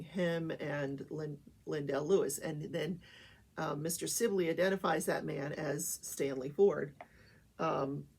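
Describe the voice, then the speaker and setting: A woman's voice: low voice, creaky, darkish tone, slightly rough. An older woman hosting a talk show, chatting casually through a trial recap with many fillers.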